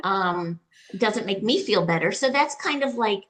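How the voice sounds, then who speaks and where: A woman guest in an interview, telling a personal story in a halting, emotional way, with many fillers and restarts. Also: mid-range voice, lively intonation, fairly bright tone. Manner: recounts dialogue in quoted voices. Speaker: retreat client, interview guest.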